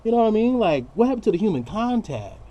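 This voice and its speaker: Male vlogger, raw unscripted rant, cursing a lot, lively swooping pitch, higher-set voice. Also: fast talker, highs cut off. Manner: profane, blunt, preachy, slangy.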